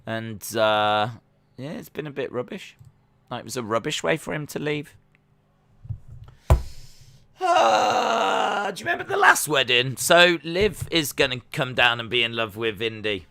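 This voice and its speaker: A man's voice: mid-range voice, sing-song, a little slow, vocal fry, pushed and bright. A man chatting his way through a live watch-along. He talks in a jokey, rambling way. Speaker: streamer reacting to wrestling.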